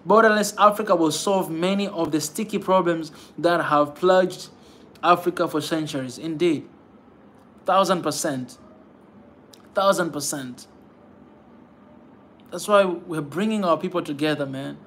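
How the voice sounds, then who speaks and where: Unhurried and pausing often, a man with a rather high, fairly bright voice pleads with viewers of his pan-African livestream. His impassioned talk repeats phrases for emphasis, each one capped with "man," more entreaty than lecture.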